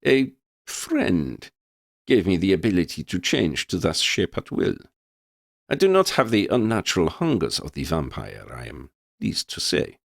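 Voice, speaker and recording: A man voicing a male professor who can take a beast's shape, with a deep, sepulchral voice, a hint of an Italian accent and measured, formal courtesy. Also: wildly swooping pitch, gravelly, no room sound, studio quality, full character voice. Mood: courteous.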